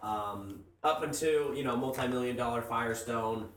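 A man's voice: medium pitch, normal speed, slight background noise. A man on a group podcast, talking casually, often repeating words as he gathers his thoughts. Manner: repeats words while thinking, swears. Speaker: podcast panelist. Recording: echoey room, mic at a distance.

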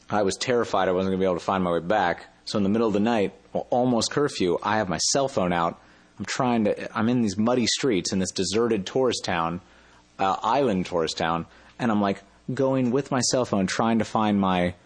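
A man's voice: lowish voice, normal speed. A man telling a travel story in a casual interview, rambling and often correcting himself mid-sentence. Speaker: interview guest.

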